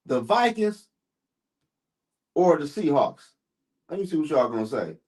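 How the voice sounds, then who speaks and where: A man's voice: on the high side, sing-song, a little slow, darkish tone. A man hosting a live sports stream, ranting heatedly and profanely while answering his chat.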